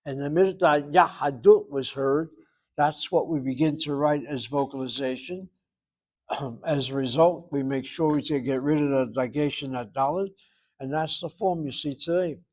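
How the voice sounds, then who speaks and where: A man lecturing on Hebrew grammar in a slightly raised voice. He explains step by step and repeats words slowly so the students can hear each sound. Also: on the high side, a little mellow, poor audio. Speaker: Hebrew teacher.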